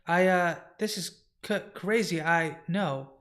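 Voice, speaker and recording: A man's voice: sits high, slow, a bit bright. A man voicing a flustered middle-aged mother who stammers in disbelief. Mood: disbelieving.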